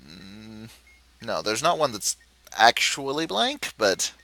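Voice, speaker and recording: A man with a lowish, bright, forward voice guides viewers through a puzzle game in a relaxed tutorial. He thinks aloud as he goes, filling pauses with "uh" and restarting sentences to clarify. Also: rough recording. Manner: explanatory, thinking aloud with frequent "uh" and self-corrections. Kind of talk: screen-recorded game tutorial.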